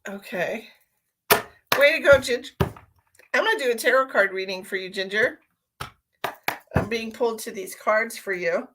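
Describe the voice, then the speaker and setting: A woman's voice: fairly high pitch, measured pace, pauses often, background noise. A tired woman, a psychic medium, chatting casually on a live stream and calling viewers by name while she gives readings.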